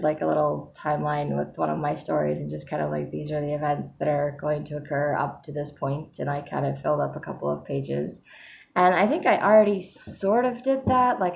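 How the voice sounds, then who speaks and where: A woman talks into her camera at home, keeping a candid video diary in a somewhat low voice. She speaks hesitantly and softly, with frequent fillers, and sounds a little worn from crying earlier. Faint background noise sits under the recording. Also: vocal fry. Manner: hesitant, soft-spoken, many fillers. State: recently crying. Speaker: vlogger.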